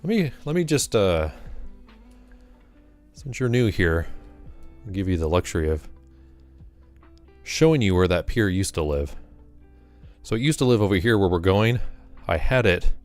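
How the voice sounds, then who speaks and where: A man's voice: deep voice, expressive, a little slow, pauses often, faint music behind. A man chatting casually during a live stream, rambling and correcting himself, a little out of breath after exercise.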